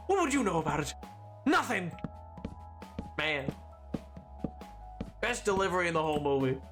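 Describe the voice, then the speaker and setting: A man chatting casually on a live gaming stream, bantering playfully with his chat and acting mock-indignant when they tease him. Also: on the high side.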